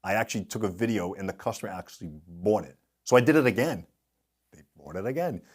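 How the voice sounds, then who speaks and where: A middle-aged man with a fairly low voice talks as an interview guest. He tells lively anecdotes and slips into the voices of the people he quotes. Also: fast. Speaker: guest speaker, industry consultant. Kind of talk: storytelling in a podcast interview.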